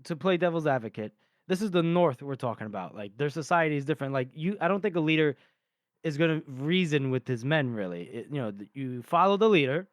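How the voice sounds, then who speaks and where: A man co-hosting a casual book podcast, telling the story in a loose, rambling way, full of laughs and the odd swear. His voice sits fairly high and sounds smooth and clean. The sound is close and dry, with no room around it. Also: lively intonation, brisk, no room sound. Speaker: podcast co-host. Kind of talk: casual book-discussion chat.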